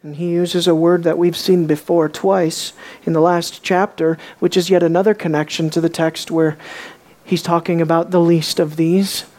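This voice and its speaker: A woman preaching a sermon, emphatic, swinging from raised questions to quiet, low emphasis. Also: flat delivery, normal speed. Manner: emphatic, rising and dropping to quiet for effect.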